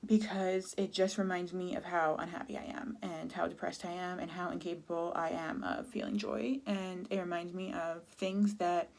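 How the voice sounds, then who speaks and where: A woman from Canada in her thirties, talking candidly and haltingly about her depression in a personal vlog, close to tears. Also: on the low side, level tone, gravelly, darkish tone. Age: 30s. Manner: candid, halting, many restarts and fillers. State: sad, near tears. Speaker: vlogger.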